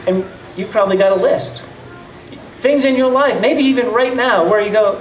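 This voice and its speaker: A man's voice: sits high, moderate pace, highs cut off, a little hiss or hum. A man preaching a sermon as pastor in a conversational way, often acting out the voices of doubters. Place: church hall. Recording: roomy echo, mic at a distance.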